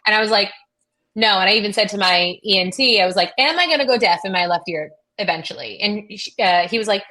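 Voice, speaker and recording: A woman's voice: mid-range voice, lively intonation, quick pace, sharp tone. A middle-aged woman telling a rambling personal story in casual chat, full of fillers and quoted dialogue. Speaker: guest.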